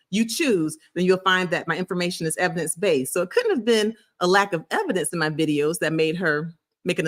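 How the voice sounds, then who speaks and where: A middle-aged woman doctor from Florida in the US South speaks in a lowish, slightly bright voice. She hosts a casual medical video, answering a commenter in an emphatic, sassy way.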